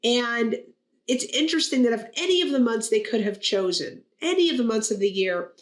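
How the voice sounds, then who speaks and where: A woman rabbi talks in a chatty, playful way, her voice sitting a bit high. The sound rings with room echo. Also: expressive, brisk. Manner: chatty, playful joke-teller. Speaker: rabbi, co-host. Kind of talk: casual conversation.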